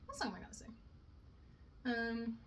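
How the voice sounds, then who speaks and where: A woman's voice: a little high, wildly swooping pitch, normal speed, slight background noise. A young woman vlogging in a casual, rambling way, swearing often and poking fun at herself. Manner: chatty, swears a lot, self-mocking asides.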